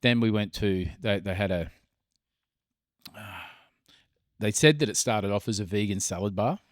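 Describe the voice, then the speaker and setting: A middle-aged man with an Australian accent chats on a podcast and tells stories with plenty of swearing. His voice sits low, and the recording is close and dry with no room sound. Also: dry recording. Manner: storytelling, swears freely, drawn-out pauses. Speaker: podcast co-host. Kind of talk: casual chat.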